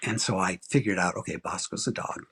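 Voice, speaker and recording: A man in his sixties from Arizona, a guest author telling a personal story in a casual interview, animated and acting out quoted voices. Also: brisk, husky. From Arizona, USA. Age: 60s. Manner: animated storyteller, acts out quoted voices with big pitch jumps.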